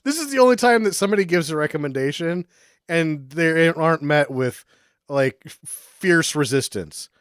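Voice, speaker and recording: A man's voice: a little high, animated, a bit bright, clean tone, no echo, clean studio sound. Wry man recapping a bad movie. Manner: wry, sarcastic, acts out movie lines in quick voices. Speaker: podcast co-host. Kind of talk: casual comedic movie recap.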